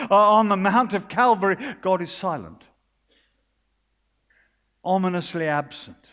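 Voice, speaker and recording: A British man preaches a sermon with earnest, dramatic delivery, sinking into hushed pauses. His voice sits high for a man. The sound carries a long reverb from a large conference hall. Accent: British English.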